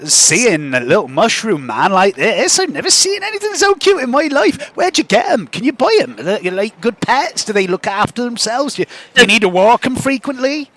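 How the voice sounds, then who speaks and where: A man's voice: high-pitched, sing-song, normal speed, few pauses, a bit bright, pitched above the performer's own voice, full character voice. A man voicing a flustered, chatty halfling woman butcher in a tabletop game, who rambles out questions. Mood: gushing.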